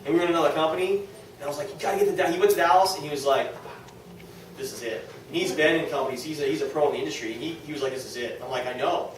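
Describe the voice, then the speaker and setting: A man tells his business story to a small gathering, rushing through it with enthusiasm and acting out what others said. His voice sits slightly high. The recording picks him up from across a very echoey room. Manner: fast, enthusiastic, quoting others in lively asides. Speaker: speaker at a business meeting. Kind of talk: motivational testimonial talk. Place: meeting room with a small audience. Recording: very echoey room, distant mic, faint noise.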